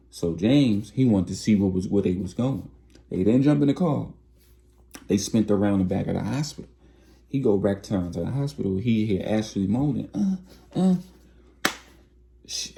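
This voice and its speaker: A man's voice: lowish voice, normal speed, vocal fry, dark tone. A man casually narrating a storytime in slangy, conversational talk, acting out the quotes.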